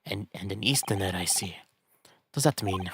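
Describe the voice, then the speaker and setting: A man voicing a gruff, bigoted middle-aged prison governor in a put-on Scottish accent, low and curt. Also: normal speed, noisy background.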